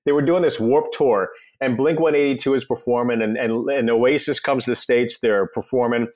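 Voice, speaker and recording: A man telling an anecdote in a casual podcast chat, starting haltingly and laughing as he goes. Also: medium pitch, fairly even intonation, a little mellow. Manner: halting, laughing into his story. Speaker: guest comedian. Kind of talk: casual storytelling.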